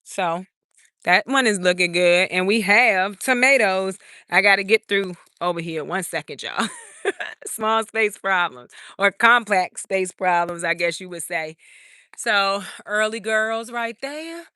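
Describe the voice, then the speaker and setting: Touring an outdoor urban garden on a live stream, this host reads viewer comments and keeps the chat casual, laughing often and addressing everyone as "y'all." Her mid-range voice is smooth and sharp-toned, and she's unhurried. The sound is clean and studio-like, with no room sound.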